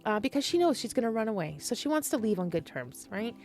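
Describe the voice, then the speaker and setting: A woman casually retelling a classic play in a chatty, animated way, laughing and swearing often. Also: fairly high pitch, fast talker, soft background music. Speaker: storyteller.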